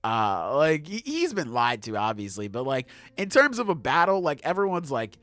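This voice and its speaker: A young adult man hosting a podcast in casual chat, animated, swearing and laughing often. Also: mid-range voice, moderate pace, no echo. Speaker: podcast host.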